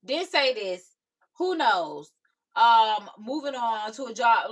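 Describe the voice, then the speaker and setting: A woman's voice: a little high, expressive, slow, fairly bright tone. A young woman, reacting to viewer comments on her live stream in sassy casual chat. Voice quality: raspy. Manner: sassy, talks back to commenters.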